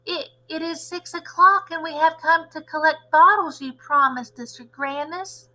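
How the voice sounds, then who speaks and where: Lady doing scared old witch ladies, meek and hesitant, high thin voice. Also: normal speed, bright, forceful tone, poor audio.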